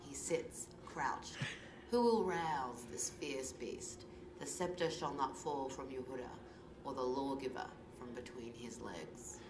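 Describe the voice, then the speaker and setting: A woman reads scripture aloud in a very deep, sleepy just-woken-up voice, dropping to near whispers. The recording is echoey with clear noise around it. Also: distant mic. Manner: sleepy morning voice; half-whispered reading. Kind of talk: reading a scripture translation aloud.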